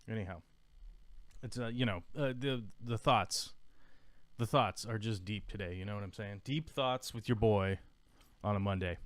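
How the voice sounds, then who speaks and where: A man's voice: medium pitch, normal speed, no echo. A man hosting a casual live stream, chatting in a goofy, rambling way and greeting viewers in the chat by name. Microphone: desk microphone.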